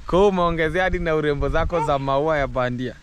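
A Kenyan man vlogging outdoors on his farm, talking excitedly in English mixed with Swahili. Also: fairly high pitch, fast talker, clean tone. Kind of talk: casual farm vlog.

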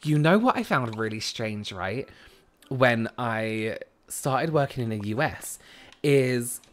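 A man's voice: mid-range voice, lively intonation, takes it slowly. Chatty male game streamer, casual and rambling, restarts sentences a lot. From West Country, England. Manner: chatty and rambling, often breaking off mid-sentence. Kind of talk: casual chat while gaming.

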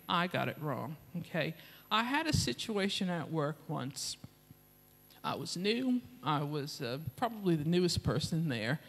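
A woman's voice: on the low side, big-room sound. A woman preaching as a guest speaker with an English accent, telling a confessional story from her own life and acting out the voices in it. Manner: confessional, animated storytelling with acted-out quotes. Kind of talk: sermon with personal story. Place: church hall.

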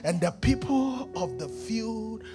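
A male pastor with a Nigerian accent preaching a sermon in a church, moving between hushed passages and shouted, sing-song calls to the congregation. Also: high voice, lively intonation, slow, over music.

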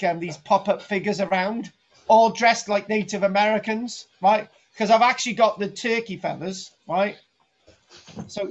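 Brief: middle-aged male archaeologist on a live stream, high voice, jokey and rambling, muffled lo-fi sound. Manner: jokey, rambling, restarts sentences, teases his co-host. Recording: dull lo-fi home stream audio.

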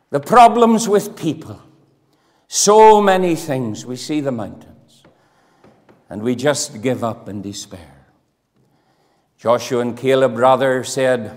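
A man preaching a sermon with fervour, his voice swinging from loud declarations to hushed appeals. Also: fairly high pitch. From Northern Ireland. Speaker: pastor. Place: church hall. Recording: long hall reverb.

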